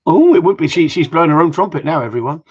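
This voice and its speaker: A teasing man chats away on a casual live stream, rambling from one joke to the next. His voice is slightly husky, and the sound is dull and lo-fi. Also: on the high side, expressive, quick pace, a little mellow. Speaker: host of a live gundog Q&A stream. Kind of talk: casual banter with live viewers. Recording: dull lo-fi livestream audio.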